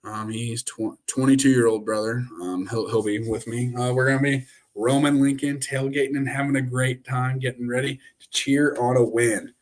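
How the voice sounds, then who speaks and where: He has a mid-range voice with fairly even intonation, a normal speed, and few pauses. This young sports show host chats casually on a live stream into his webcam, ranting and rambling with lots of fillers and restarts.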